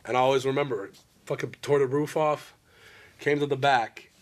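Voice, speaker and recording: A man's voice: mid-range voice, steady tone, a little fast. A man interviewing a friend, telling long rambling stories bluntly and swearing freely. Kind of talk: candid interview conversation.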